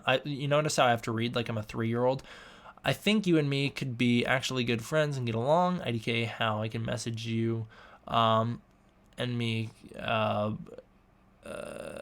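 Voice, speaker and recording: A young man hosts a live stream, reading chat questions aloud and answering casually, often stumbling and restarting his words. His voice is mid-range and fairly bright, at a moderate pace.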